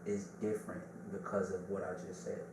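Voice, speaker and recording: An easygoing man talks as a podcast guest, relaxed and conversational. His low voice sits back from the mic in an echoey room. A clear hiss runs behind him. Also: brisk, far from the mic. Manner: easygoing, plugs his clothing brand. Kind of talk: casual chat.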